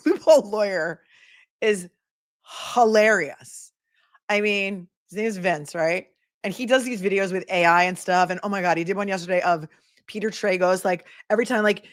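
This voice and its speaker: An attorney hosts a casual livestream, her medium-pitched voice chatting along and breaking into frequent laughter as she reads viewer comments aloud.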